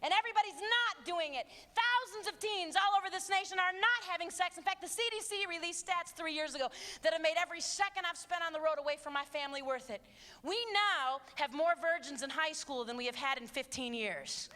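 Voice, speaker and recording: Bright, high-voiced woman speaker in a hall. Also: brisk. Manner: impassioned and emphatic, shifting between loud and hushed. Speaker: youth abstinence speaker. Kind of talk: motivational talk to teens. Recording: long hall reverb, faint audience.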